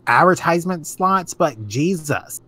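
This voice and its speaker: A man's voice: a little high, expressive, a little slow, bright, forceful tone. A man co-hosting a casual podcast chat, ranting animatedly and swearing freely. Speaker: podcast co-host.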